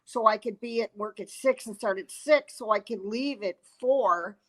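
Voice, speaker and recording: A woman's voice: medium pitch, normal speed, rough recording. A woman, a comedian telling a story in a casual chat, acting out quotes and laughing often. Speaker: comedian guest.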